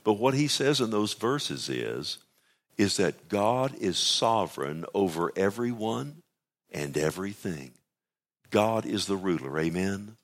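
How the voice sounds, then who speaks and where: A man preaching a sermon. He teaches the text conversationally, acts out its lines in a lively voice, and asks the congregation for agreement. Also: lowish voice, unhurried.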